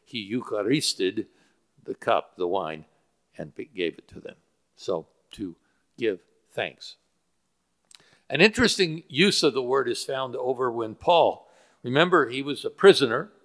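A man's voice: medium pitch, sing-song, measured pace, fairly bright tone. A male pastor preaching a sermon that explains Greek word roots, with frequent fillers. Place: church sanctuary. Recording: church hall with long reverb.

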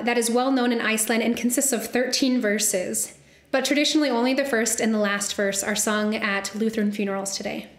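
A young woman giving an academic lecture recital, explaining the music in a measured way with occasional fillers. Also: fairly high pitch. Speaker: lecturer and soprano. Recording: roomy echo.

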